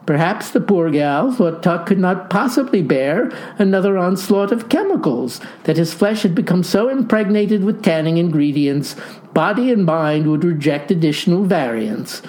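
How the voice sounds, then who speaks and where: A man's voice: high-pitched, animated, normal speed, a little mellow. A man narrating a comic tale in a dry, wry manner with folksy, old-fashioned phrasing. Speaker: storyteller.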